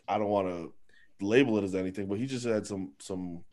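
A young man co-hosting a casual podcast, setting up topics slowly with a sarcastic, deliberate manner. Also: lowish voice, a little mellow. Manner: sarcastic, leads topics with slow deliberate setups. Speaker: podcast co-host. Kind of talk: casual chat.

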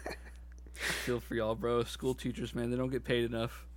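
A man's voice: mid-range voice, completely flat delivery, moderate pace. Young man reacting, casual bro talk. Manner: reactive, groans and laughs, calls people bro. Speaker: podcast co-host. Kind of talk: casual chat.

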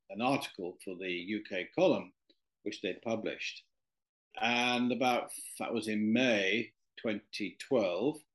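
Rambling man telling a story. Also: on the low side. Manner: rambling, with many fillers and restarts. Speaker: interview guest. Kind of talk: anecdotal storytelling in conversation.

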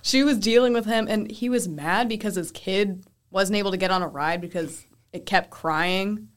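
A woman's voice: mid-range voice, normal speed. Young woman venting about customers. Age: young adult. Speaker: panelist recalling first jobs. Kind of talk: casual chat.

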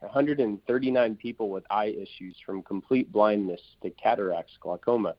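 A man's voice: lowish voice, no echo, lo-fi sound. A man, an evangelist, telling testimony stories in an interview with emphatic energy and many fillers. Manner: emphatic, rapid-fire storytelling with fillers. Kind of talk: testimony in a talk-show interview.

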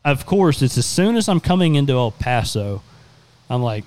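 A young man in his twenties tells a long, loose story in casual podcast chat. His voice is smooth and resonant, and the talk rambles and swears freely. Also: medium pitch, normal speed, a little mellow. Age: 20s. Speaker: podcast host.

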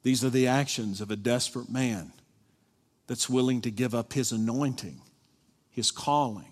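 A male pastor preaching a sermon, animated, acting out the people he quotes. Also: medium pitch, normal speed. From Kentucky. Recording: long reverb of a large hall.

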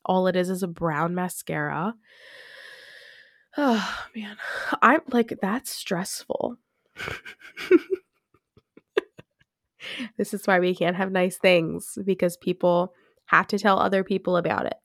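Chatting on her own podcast, the young woman rambles casually, laughs often, and uses "like" again and again. Her voice is lowish, and the clean studio recording has no room sound.

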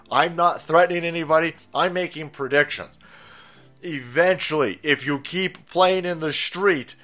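A man's voice: on the high side, a bit bright. A man hosting a commentary show, ranting in a foul-mouthed, mocking way. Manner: foul-mouthed, mocking, laughs at own jokes.

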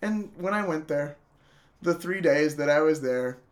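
A young man in casual chat, telling stories loudly, swearing and laughing often. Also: a little high, expressive, unhurried.

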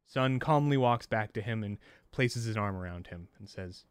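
A man running a tabletop role-playing game as game master, narrating scenes in a relaxed way with fillers. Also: lowish voice, moderate pace, smooth, dry recording.

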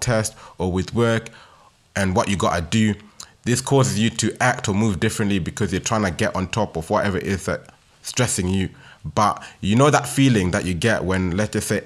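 A young London man with a fairly low voice hosts his own podcast. He speaks in a laid-back, slang-heavy way, tagging almost every sentence with "innit" as he chats directly to listeners. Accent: London, Multicultural London English. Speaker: podcast host. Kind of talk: casual solo podcast monologue.

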